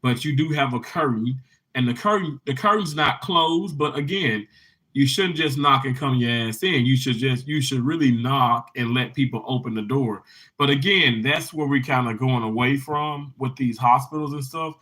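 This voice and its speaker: A man's voice: mid-range voice, normal speed, rough recording. A man hosting a casual livestream, telling a heartfelt story with many restarts and then cheerfully greeting viewers in the comments. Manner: lively and upbeat greeting viewers.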